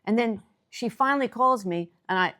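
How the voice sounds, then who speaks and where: An older woman from New York City, co-hosting a casual chat and telling stories with lively, rising excitement. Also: moderate pace. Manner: animated storyteller, voice jumps high when excited. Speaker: co-host.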